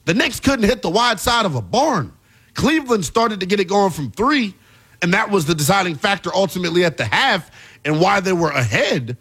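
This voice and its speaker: A man hosting a basketball talk show, delivering an animated, exasperated commentary rant with plenty of emphasis. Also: high-pitched, moderate pace, breathy edge. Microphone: earpiece in studio.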